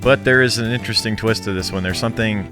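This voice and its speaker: An Australian man talks quickly in a relaxed, joking podcast chat, his voice sitting a little low. He leads the conversation as co-host. Music plays clearly beneath him. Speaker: podcast co-host presenting the case.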